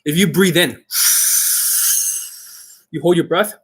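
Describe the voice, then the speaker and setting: A man's voice: a little high, slow, slightly rough. A man hosting an unscripted coaching Q&A, talking in a blunt, aggressive and profane way. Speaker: dating coach host.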